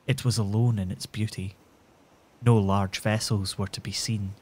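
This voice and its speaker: A man narrating a bedtime story for adults in a soothing, measured manner. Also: fairly low pitch, little pitch movement, darkish tone, husky.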